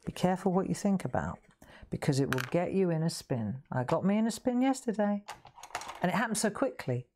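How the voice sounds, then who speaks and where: A woman's voice: on the low side, sing-song, brisk, mellow, a little hiss or hum. A woman hosting a live craft demonstration, chatty, self-deprecating and reassuring as she paints. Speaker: craft host.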